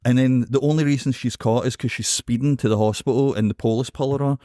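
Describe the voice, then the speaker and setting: A man with a Scottish accent co-hosting a podcast, telling a story in an animated, sweary way and checking in with "right?". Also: medium pitch, a little fast, no room sound, studio quality. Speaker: podcast co-host. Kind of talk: casual chat.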